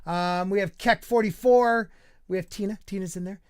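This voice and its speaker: A man's voice: high voice, moderate pace, a little mellow, clean tone, no echo. Dry-sounding jokey male stream host. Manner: jokey, rambling, reads chat aloud. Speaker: podcast host. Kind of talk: casual livestream chat.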